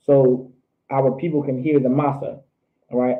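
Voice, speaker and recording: Male instructor running a class, repeats each phrase slowly; thin, phone-line audio. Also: medium pitch, little pitch movement. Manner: repetitive, drills phrases slowly syllable by syllable. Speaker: language teacher. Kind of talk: online class lecture.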